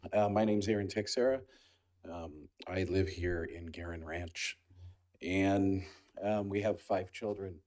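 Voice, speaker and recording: A man giving a public comment at a city meeting, emotional and halting, clearing his throat between phrases. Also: low voice, a little mellow.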